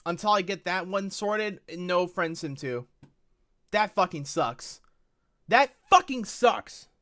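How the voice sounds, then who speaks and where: A woman's voice: lowish voice, a little slow, fairly bright tone. A woman streaming a game live, talking bluntly to her chat and swearing heavily in frustration.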